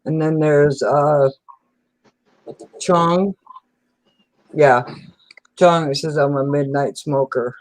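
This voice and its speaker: A person chats on a livestream in a slow, rambling, goofy way. The pace is unhurried and the voice is mid-pitched. The sound is dry, with no room echo. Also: steady tone. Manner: slow, rambling, silly, hums nonsense words. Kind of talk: casual livestream chat.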